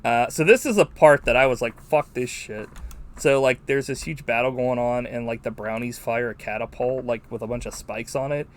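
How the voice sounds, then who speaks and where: A man's voice: mid-range voice, fairly quick, few pauses. Profane, rambling male podcast host. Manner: profane, rambling, animated retelling. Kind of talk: casual movie-review chat.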